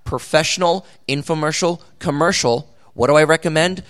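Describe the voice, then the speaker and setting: A man speaking on a convention panel, giving animated, jokey advice on voice acting. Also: on the high side, normal speed.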